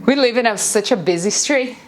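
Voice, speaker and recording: Over slight background noise, a woman with a voice on the high side leads a live workout class from her home beside a busy street. She speaks fairly quickly, energetically calling out exercises and countdowns, sometimes out of breath.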